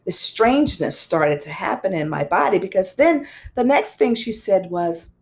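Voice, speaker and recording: A woman with a mid-range voice and a gravelly, fry-tinged edge tells a personal story as an interview guest. She is animated and conversational, slipping into the voices of the people she quotes, with wry self-deprecating humor. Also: moderate pace. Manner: animated, acts out quoted dialogue with big pitch swings. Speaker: guest, psychologist and pastor.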